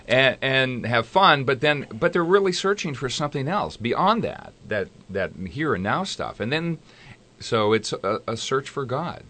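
Bright-voiced joking radio co-host. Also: male voice, mid-range voice. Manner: jokey, laughs a lot, chimes in with short agreements. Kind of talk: casual radio banter. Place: radio studio.

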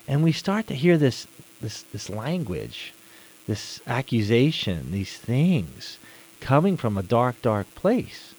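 A man's voice: medium pitch, very animated, slow pace, a little mellow, slight background noise, low-quality recording. A man giving an earnest religious teaching talk, often repeating words for emphasis.

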